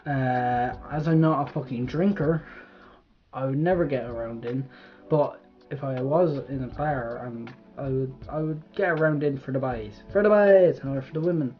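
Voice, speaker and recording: A young Irish man at normal speed and mid-range pitch chats his way through a quiz for his vlog, swearing freely, rambling, and trailing off mid-thought. The audio sounds dull, with faint music behind him.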